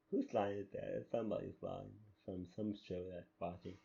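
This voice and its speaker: A man's voice: deep voice, fairly even intonation, unhurried, vocal fry, long pauses, warm tone, highs cut off. A man hosting a solo podcast, rambling and amused at himself in casual chat. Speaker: podcast host.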